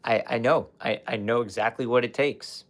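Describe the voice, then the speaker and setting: A man's voice: medium pitch, steady tone, normal speed. A young man candidly telling his personal story on a livestream, swearing at times and talking straight to his chat. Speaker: life coach livestreamer.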